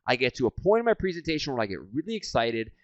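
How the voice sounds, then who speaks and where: A man in his forties teaching sales, energetic and animated, swinging from loud and hyped to low and quiet. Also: rapid-fire, no echo. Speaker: sales trainer. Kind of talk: energetic training talk. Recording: dry, slightly dull lo-fi sound.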